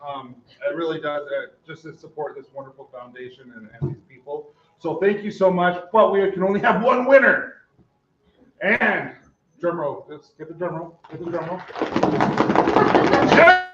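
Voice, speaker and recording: A man's voice: fairly high pitch, normal speed, fairly bright tone. A man announcing contest winners at a live event, in an upbeat, teasing way. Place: busy barbershop event. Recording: roomy, distant, muffled phone audio with crowd chatter.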